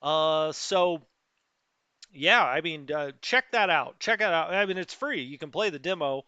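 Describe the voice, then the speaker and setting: Bright-voiced middle-aged gaming host. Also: male voice, on the high side, lively intonation, normal speed, dry recording. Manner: rambling and chatty, greeting viewers, many fillers. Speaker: let's play host. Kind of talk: casual live gameplay commentary. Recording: dry, slightly dull lo-fi sound.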